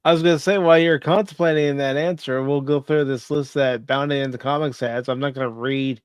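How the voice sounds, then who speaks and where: A man's voice: mid-range voice, steady tone, brisk, clean tone, dry recording, studio quality. A man co-hosting a casual podcast, joking in a playful mock-announcer way. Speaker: podcast co-host. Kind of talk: casual chat.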